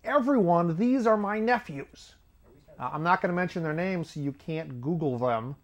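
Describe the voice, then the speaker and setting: On his own comedy show, a man with a higher, animated voice speaks at a normal speed. He rambles along with offhand sardonic remarks, chuckling at his own gags.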